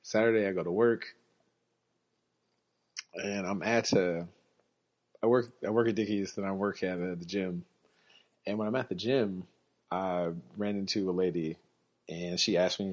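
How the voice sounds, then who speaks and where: Man podcast host, low voice, loose rambling delivery, muffled home recording. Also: steady tone, measured pace, pauses often. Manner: rambling, self-correcting, quotes others in his own voice. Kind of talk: casual storytelling monologue. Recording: dull lo-fi recording.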